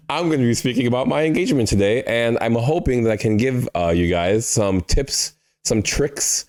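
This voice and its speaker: A young man co-hosting a podcast in casual chat, joking with quick comic asides. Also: mid-range voice, sing-song, a little mellow. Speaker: podcast co-host.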